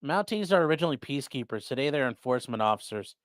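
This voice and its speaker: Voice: medium pitch, rapid-fire, dry recording, studio quality. A live-stream host chatting casually at home, reading viewer comments aloud, swearing freely, rambling, and soothing a dog between remarks. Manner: animated, profane, rambling, talks to chat and dog. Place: at home indoors.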